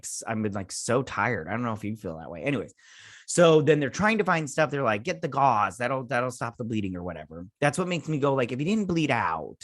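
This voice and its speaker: A man's voice: mid-range voice, fairly bright tone, dry recording, clean studio sound. A man hosting a casual episode review, rambling with many fillers and restarts. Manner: rambling, filler-heavy, self-interrupting. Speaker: show host.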